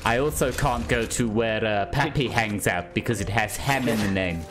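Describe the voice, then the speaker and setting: A man's voice: lowish voice, moderate pace, close to an everyday voice. A man streamer putting on a posh, scheming British baby boy in a game voice chat, haughty and mock-polite, with game music behind. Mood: prim. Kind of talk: online game chat in character.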